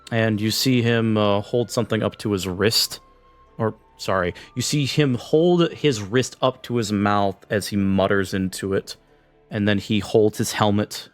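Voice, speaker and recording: A man running a tabletop game, describing scenes in a loose, meandering way. His voice is low, with faint music playing under the narration. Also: fairly even intonation, moderate pace, no echo. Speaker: game master.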